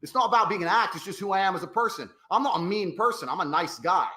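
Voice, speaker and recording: A man's voice: sits high, lively intonation, fast, pushed and bright, a little hiss or hum. A man speaking as an interview guest, blunt, emphatic and profane. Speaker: interview guest giving advice to men. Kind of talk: podcast interview talk. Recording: roomy echo.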